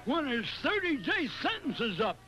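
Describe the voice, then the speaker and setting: Deputy Dog, a high, twangy dog sheriff. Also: male voice, sing-song, moderate pace, pushed and bright, faint music behind, full character voice, poor audio. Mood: bossy. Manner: drawling, folksy exclamations. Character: folksy slow-witted male dog sheriff. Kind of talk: 1960s TV cartoon voice acting.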